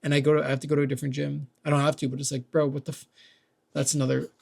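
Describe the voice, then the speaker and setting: A young man delivers a loose, meandering rant and swears freely as he goes. His voice sits a little high and has a gravelly fry to it. He keeps filling gaps with "like" and "dude". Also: completely flat delivery, very fast, a little mellow. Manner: rambling, profane, heavy use of "like" and "dude". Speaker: vlogger. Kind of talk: casual rant.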